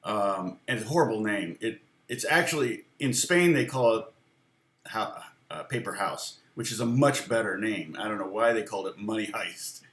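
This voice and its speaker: A man's voice: on the low side, lively intonation, normal speed, fairly bright tone, reverberant. A man teaching guitar on a casual live stream, chatting with viewers in a self-deprecating way and laughing often.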